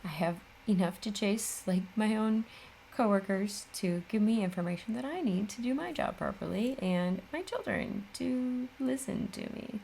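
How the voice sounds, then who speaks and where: A woman's voice: mid-range voice, lively intonation, moderate pace, creaky, mellow, slight background noise. A middle-aged woman hosting a casual crafting tutorial, chatty and full of self-deprecating asides. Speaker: craft channel host.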